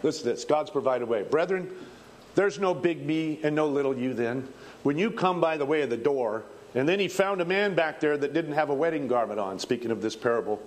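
A man preaching a revival sermon in a folksy, fervent manner, rising to shouts, on an old archival recording. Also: a little high, animated, fairly quick.

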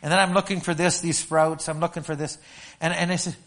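An older man from Alberta, Canada, preaching a sermon and telling a story with stammering restarts and animated storytelling. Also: fairly high pitch, fairly quick. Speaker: pastor.

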